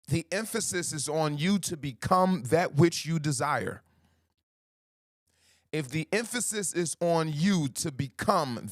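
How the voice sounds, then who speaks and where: A man hosting a livestream as a life coach, greeting viewers by name and talking slowly and emphatically, repeating his key phrases. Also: a little high, a bit bright, no room sound, clean studio sound. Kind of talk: motivational livestream talk.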